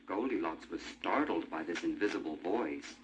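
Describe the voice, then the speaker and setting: A man narrating a storybook in an animated, expressive way. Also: low voice, moderate pace. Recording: muffled old vinyl with music.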